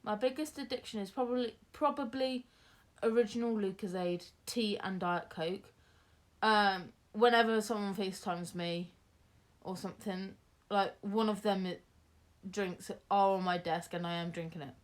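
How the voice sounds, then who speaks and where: A woman's voice: medium pitch, moderate pace. A young woman, chatting casually through a Q&A, rambling with lots of fillers and restarts. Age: young adult. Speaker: vlogger. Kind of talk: casual Q&A chat.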